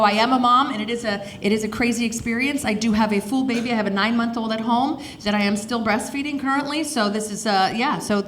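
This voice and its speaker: A woman's voice: on the high side, a bit bright, a little hiss or hum. A woman in her thirties doing a frank, chatty stand-up set on a comedy stage, working the crowd. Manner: chatty, frank, self-mocking.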